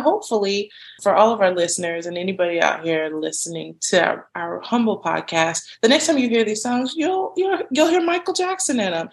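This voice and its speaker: Chatty, laughing woman podcast host. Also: fairly high pitch. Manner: chatty, laughs often, lively asides. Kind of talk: casual podcast chat.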